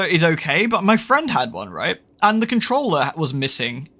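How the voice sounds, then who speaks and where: Streaming a horror game, this British man talks to viewers in a rambling, sweary, casual way, often correcting himself and laughing. His voice sits on the high side, bright and forceful, with huge pitch swings, normal speed and hardly any pauses.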